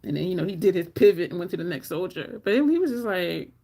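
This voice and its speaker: A middle-aged woman telling personal stories casually, laughing often and mimicking others in a squeaky voice. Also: quick pace, creaky, dark tone. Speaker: storytelling vlogger.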